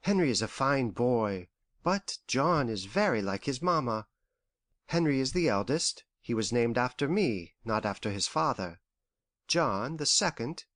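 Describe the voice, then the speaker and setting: An actor playing a gentle, anxious elderly father who frets and complains softly in an audiobook. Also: medium pitch, dry recording, clean studio sound. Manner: worried, lingering, softly complaining. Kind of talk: audiobook character voice.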